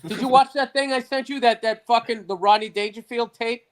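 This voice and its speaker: A middle-aged podcast co-host with a very high voice and a brisk pace tells stories during casual sports talk. He's an animated storyteller and swears freely.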